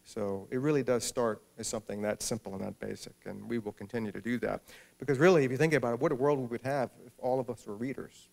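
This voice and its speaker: Gravelly man telling a story. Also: mid-range voice, fast talker. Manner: storytelling with humor. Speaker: author speaking at a library event. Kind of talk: public talk with anecdote. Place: public library hall.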